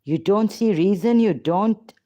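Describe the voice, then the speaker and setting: Woman in a heated argument, accusatory and unrelenting, slow measured pace. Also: mid-range voice, mellow. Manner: confrontational, accusatory. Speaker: ex-Muslim debater on a call.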